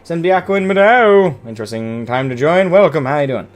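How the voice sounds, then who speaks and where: A man's voice: on the high side, animated, fairly quick. A man streaming a game, chatting casually in a rambling, profane way, often correcting himself. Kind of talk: casual live-stream chat.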